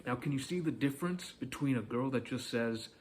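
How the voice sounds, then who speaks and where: A man's voice: medium pitch, fairly quick, a little hiss or hum. A man giving dating advice in a casual, direct monologue, coaching the listener and often checking in with "okay?".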